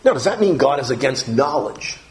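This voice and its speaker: A man's voice: mid-range voice, sing-song, brisk. A man preaching a morning sermon as pastor, earnest, repeating phrases and pushing his voice up on the key words.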